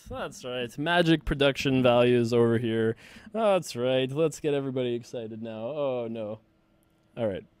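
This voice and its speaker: A man's voice: medium pitch, darkish tone, clean tone, no echo. A man hosting an online poker series, giving casual play-by-play of his hands in a laid-back, self-mocking way. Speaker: online poker player and show host.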